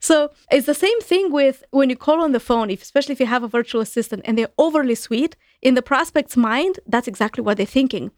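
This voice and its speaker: A woman who speaks English as a second language talks quickly and animatedly in a higher voice. She restarts her sentences often as a podcast guest, and the recording is dry and close. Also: expressive, no room sound. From Eastern Europe. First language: not English. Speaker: guest, company founder. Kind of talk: casual podcast chat.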